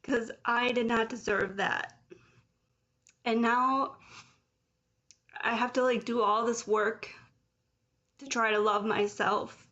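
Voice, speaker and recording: A late-30s woman vlogs about personal matters, raw, emotional, and confessional, with bursts of anger. Her voice is on the high side and sharp, fairly even in intonation, and she goes slowly with long pauses, all on a dull lo-fi recording.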